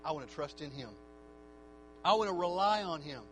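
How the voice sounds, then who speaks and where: A man preaching a sermon in a church, moving from quiet, reflective talk to a shouted, fervent altar call. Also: fairly high pitch, animated, moderate pace, background noise.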